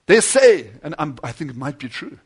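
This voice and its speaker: A man preaching a sermon, telling a story with dramatic swings between loud declamation and hushed low passages, acting out the lines of the people in it. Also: big pitch swings, moderate pace, slightly rough. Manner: acts out quoted dialogue within the story.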